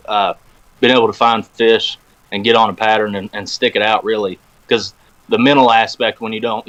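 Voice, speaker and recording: A man's voice: fairly low pitch, highs cut off. Laid-back man telling a long fishing story. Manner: animated storyteller, acts out quoted phone talk. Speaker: podcast guest. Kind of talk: casual storytelling chat. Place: podcast recording room.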